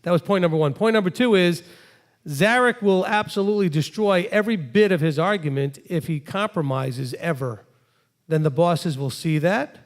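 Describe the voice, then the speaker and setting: A man, a rabbi, teaching a congregation and acting out imagined conversations in a lively preaching style. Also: sits high, normal speed. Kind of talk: sermon-style teaching with acted dialogue.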